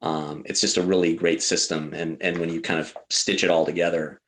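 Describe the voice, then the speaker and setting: A man who runs a law firm, speaking on a webinar panel in a loose, halting way with many fillers and restarts. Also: low voice, level tone, fairly bright tone. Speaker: lawyer and law firm owner.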